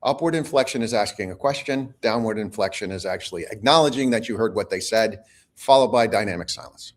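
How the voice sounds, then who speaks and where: A man, a negotiation expert guest, explaining techniques in a measured, instructive way during an interview. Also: on the low side. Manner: measured, instructive, teaches in short points.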